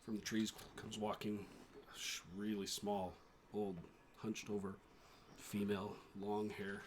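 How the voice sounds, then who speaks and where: A low-voiced man running a tabletop game, describing the scene in a steady, flat tone with many little pauses and fillers. A faint hiss of noise sits under his voice. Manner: descriptive, halting narration with fillers. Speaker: game master.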